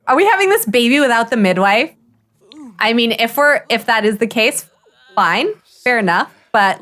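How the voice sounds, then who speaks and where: Excitable woman gushing over a game. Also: fairly high pitch, moderate pace, pauses often. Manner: excitable and gushing, gasps and laughs often. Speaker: streamer. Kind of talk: casual live gameplay commentary.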